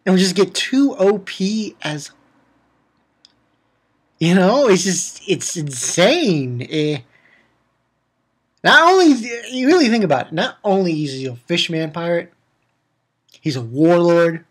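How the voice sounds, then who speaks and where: A man recaps a cartoon episode in a loose, rambling way, laughing and swearing as he goes. His pitch moves a lot, rising and dropping as he acts out lines. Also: expressive, measured pace, long pauses, slightly rough. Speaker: anime reviewer.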